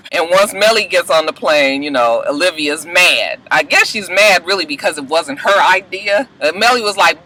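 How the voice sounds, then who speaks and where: A man's voice: high voice, expressive, moderate pace, hardly any pauses, bright, forceful tone, low-quality recording. A man giving a sassy, profane, casual recap of a TV episode, acting out the characters' lines as he goes. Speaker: TV recap vlogger.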